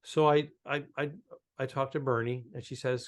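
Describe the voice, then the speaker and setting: A man's voice: mid-range voice, flat delivery, normal speed. A man co-hosting a comedy podcast, telling rambling anecdotes full of restarts and quoted dialogue. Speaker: podcast co-host. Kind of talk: casual comedic chat.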